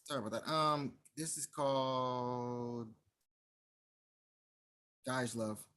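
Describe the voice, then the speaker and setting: A spoken-word poet recites original verse over a video call, taking each line slowly and with deliberate rhythm. The voice sits at a middle pitch, unhurried from start to finish, with brief fumbling pauses between pieces. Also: a bit bright, smooth. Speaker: open mic poet. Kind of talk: poetry reading.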